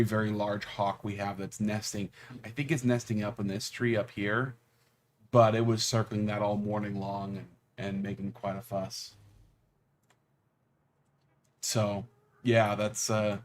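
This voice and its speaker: Male guest, lowish voice, rambling and filler-heavy casual talk. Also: a little hiss or hum. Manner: rambling, describes things at length with many fillers. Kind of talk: casual livestream chat.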